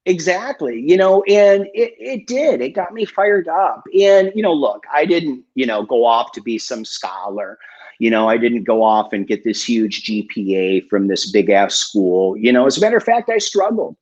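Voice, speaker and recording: Man, husky voice, candid and profane, dull lo-fi stream audio. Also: medium pitch, expressive, normal speed, a little mellow. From Michigan, USA. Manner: candid and profane, with many fillers. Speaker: guest coach. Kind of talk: casual storytelling in a live interview.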